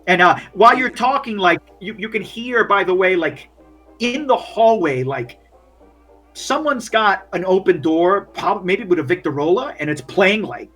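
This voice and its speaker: A man runs a tabletop game in loose, chatty narration, peppering it with fillers. His voice sits high and bright, and it swoops around a lot. He is animated throughout. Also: unhurried, faint music behind. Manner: chatty, full of fillers like "like" and "you know". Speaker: game master.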